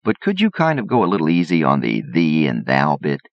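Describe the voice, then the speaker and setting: A man voicing a brash, quick-tongued male bartender and gambler who talks back, in a cocky, argumentative way, on a dull, lo-fi audiobook recording. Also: very deep voice, wildly swooping pitch, no echo, exaggerated voice.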